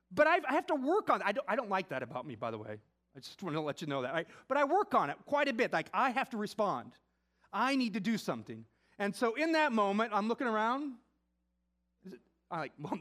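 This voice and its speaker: A middle-aged man preaching a conversational sermon, telling a personal story with animated asides. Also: high-pitched. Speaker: pastor.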